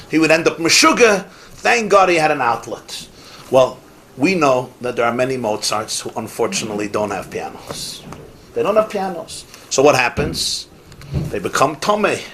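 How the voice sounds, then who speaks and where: Rabbi lecturing a class, fairly high voice for a man, punchy repetitions, faint background hiss. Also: sharp tone. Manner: emphatic, repeats key phrases, mixes in Yiddish and Hebrew words.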